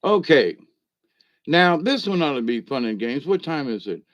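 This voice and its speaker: A man's voice: a little high, sing-song, normal speed, no room sound. A man reading jokes aloud in a casual way, chuckling and adding wry asides between them. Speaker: comedy reader.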